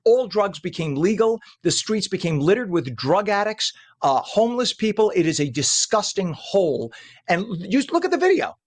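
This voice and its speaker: A male morning show host giving opinionated news commentary, ranting with indignation and jumping up in pitch when heated. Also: sing-song, normal speed.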